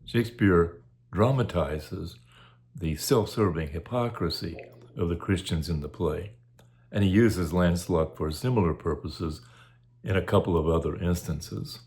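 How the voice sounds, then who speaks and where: A man giving a recorded lecture as a course instructor, in a measured, academic way. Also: low-pitched, a little mellow.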